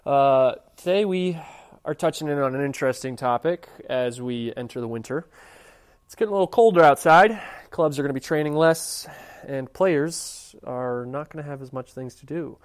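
A man hosting a podcast, opening the episode casually and speaking to listeners in a relaxed, friendly way. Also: medium pitch, normal speed, clear, resonant tone. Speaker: podcast host.

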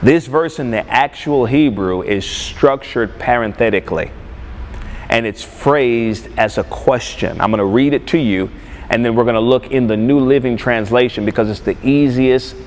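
A man preaching a sermon as pastor. He delivers it with deliberate emphasis and keeps checking in with the congregation. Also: medium pitch. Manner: calls for congregation responses, slow emphatic delivery. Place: church sanctuary. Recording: long hall reverb, faint background noise.

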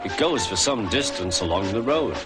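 A man narrating a children's storybook in a clear, measured way. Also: lowish voice, lively intonation. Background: music.

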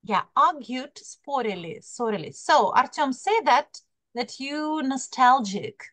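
A woman's voice: high voice, expressive, takes it slowly, a bit bright, no room sound. A woman teaching an English class online over a video call, coaxing her students and calling on them by name while repeating key words.

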